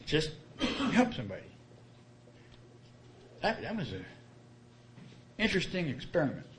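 A man's voice: a little high, sing-song, measured pace, slight background noise. A man sharing his personal story at a recovery meeting, earnest and colloquial, often repeating his key phrases. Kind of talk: plain-spoken personal testimony.

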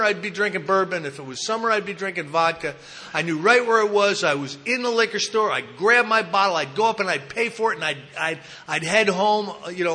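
A man's voice: high voice, pushed and bright. A man giving a personal recovery talk, telling his story candidly with self-mocking humor. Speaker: recovery speaker at a support meeting.

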